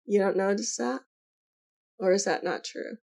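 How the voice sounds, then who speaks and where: A woman's voice: mid-range voice, moderate pace, vocal fry, a little mellow. A middle-aged woman co-hosting a casual podcast, chatty and rambling. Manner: chatty, rambling, laughs easily. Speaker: co-host.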